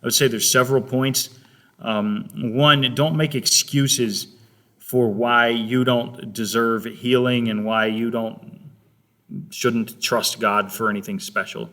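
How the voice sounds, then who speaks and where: A man's voice: medium pitch, steady tone, takes it slowly, sharp tone. Conversational male pastor preaching. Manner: conversational, retelling scripture with rhetorical questions. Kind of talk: sermon.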